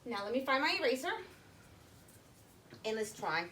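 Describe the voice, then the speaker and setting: A woman teaching young children to read, walking through each step slowly and patiently. Her pitch swings widely as she speaks, and a faint hiss sits under her voice. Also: very animated, sharp tone, rough recording. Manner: slow, step-by-step, addressing children. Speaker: literacy teacher. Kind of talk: classroom phonics lesson.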